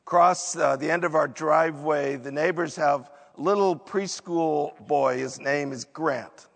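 Man, pastor, sermon, measured delivery, emphatic, reverberant hall. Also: a little high, creaky. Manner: emphatic preaching with quick asides and acted-out excuses.

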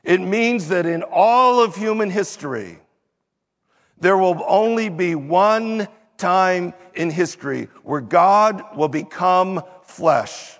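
A man preaching in a slow, deliberate, emphatic sermon. His voice sits a little high and has a gravelly edge. The sound carries a long reverb from a large hall. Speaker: pastor.

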